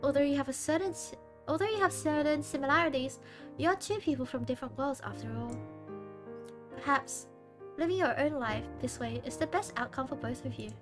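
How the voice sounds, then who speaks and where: A woman streamer playing a horror dating game, reading its text aloud with animated, dramatic reactions. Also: high-pitched, a little fast, music in the background.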